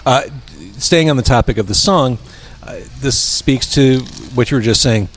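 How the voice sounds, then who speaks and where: A man's voice: mid-range voice, normal speed. A man hosting a podcast, chatting in an easygoing way over a meal in a brewpub. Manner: easygoing, reads lyrics aloud. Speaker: podcast host. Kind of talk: casual interview. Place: brewpub restaurant.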